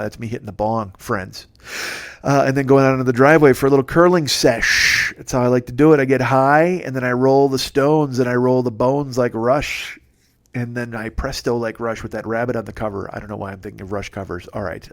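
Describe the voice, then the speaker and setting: A man's voice: mid-range voice, a little fast. Rambling, profane male comedian. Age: 40s. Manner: rambling, profane, laughs at his own jokes. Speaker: comedian host. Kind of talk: solo comedy monologue.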